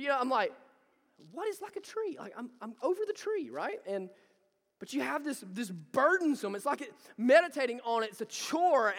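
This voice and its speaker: High, lively-voiced preacher man in a hall. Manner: emphatic, repetitive, builds in intensity. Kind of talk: sermon.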